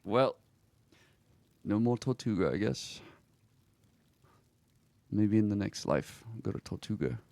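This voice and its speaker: A man streaming a roleplay game, reading in-game messages aloud slowly and reacting to them in a quiet, reflective way, with sighs between lines. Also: fairly low pitch, expressive, gravelly, dry recording.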